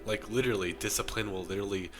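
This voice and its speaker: A young man talks straight to camera in a low, rough voice worn down by illness. He preaches self-improvement with urgent conviction, and music plays clearly underneath. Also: fairly even intonation, very fast. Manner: preachy, impassioned. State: sick, losing his voice. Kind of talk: earnest monologue to camera.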